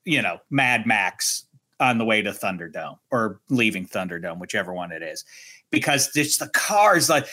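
Bright, animated male sports talk host. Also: medium pitch. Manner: animated, self-mocking storyteller. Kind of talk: sports radio banter.

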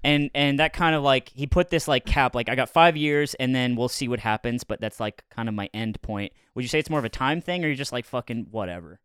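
A man's voice: medium pitch, fairly quick, few pauses, fairly bright tone, clear, resonant tone, dry recording, studio quality. A young man hosting a podcast, joking crudely and rambling in casual banter. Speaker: podcast host.

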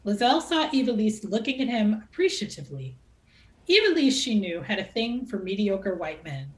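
A woman novelist reading aloud from her own novel with an expressive, dramatic delivery. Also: mid-range voice, brisk. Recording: echoey room.

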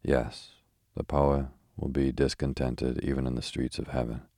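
Proud anarchist poet, supercilious, read by a man; very low, monotone. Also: gravelly, no room sound, studio quality, heavily acted. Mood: sad. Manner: slow, supercilious, dangerous. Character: big red-haired male anarchist poet, proud.

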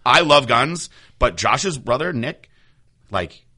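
A man co-hosting a casual podcast, telling animated stories, swearing freely and acting out what others said. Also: mid-range voice, slow pace. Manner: animated storyteller, swears freely, acts out quotes. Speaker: podcast co-host. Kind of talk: casual chat.

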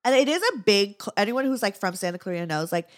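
A woman's voice: medium pitch, animated, quick pace. A woman co-hosting a podcast, chatting casually with many fillers and laughing often. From Southern California. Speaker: podcast co-host. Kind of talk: casual chat, reading a listener letter.

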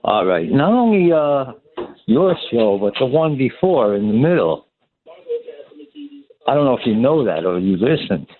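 A man calling into a talk radio show, indignant and critical, speaking in halting bursts. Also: mid-range voice, sing-song. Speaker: caller. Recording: tinny phone line.

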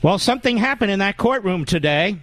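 A man's voice: sits high, animated, brisk, a bit bright, soft background music. A man hosting a political talk radio show in a monologue, combative and sarcastic, with mocking nicknames.

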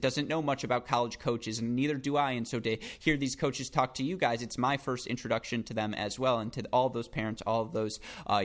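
A man hosting a podcast, telling stories in an excitable, rambling way and acting out quotes. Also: mid-range voice. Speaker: podcast host. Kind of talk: casual podcast chat and storytelling.

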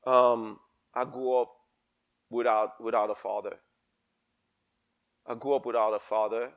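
A man's voice: medium pitch, little pitch movement, a little slow, dull audio. A middle-aged man preaching a sermon, fervent and repetitive, calling the congregation to respond.

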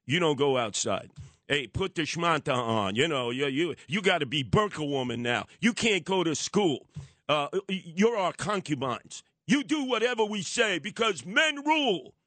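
A bossy, sneering male militant lays down the rules in a mocking voice, as a talk host puts him on. The voice sits a touch high and is dry and close to the mic. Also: big pitch swings, moderate pace, a bit bright, no room sound.

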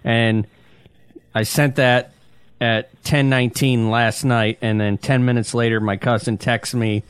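A man co-hosting a podcast, telling a story in casual banter with dry, deadpan humor. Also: medium pitch, unhurried, smooth, no echo. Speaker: podcast co-host.

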